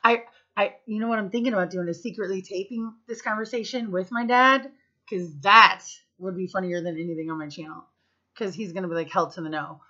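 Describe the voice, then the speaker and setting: A bright, forceful-sounding woman in her thirties rambles through family stories to camera, swearing casually and leaning on "like" and "um." The recording is a bit dull and lo-fi. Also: mid-range voice, steady tone, brisk. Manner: chatty, profane, full of fillers. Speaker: vlogger. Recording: slightly muffled lo-fi recording.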